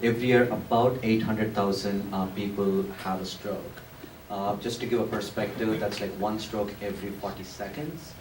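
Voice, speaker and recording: A man's voice: lowish voice, steady tone, moderate pace. A man, a stroke doctor, explaining patiently to an audience with many fillers. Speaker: stroke doctor answering questions. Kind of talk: explanatory talk at a public event. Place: large room with an audience. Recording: echoey room, mic far off, faint noise.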